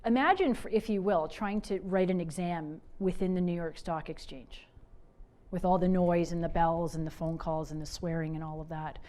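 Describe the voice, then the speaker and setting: A middle-aged woman from Canada giving a motivational talk, telling stories with animated swings from loud to soft. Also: lowish voice, moderate pace. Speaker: speaker.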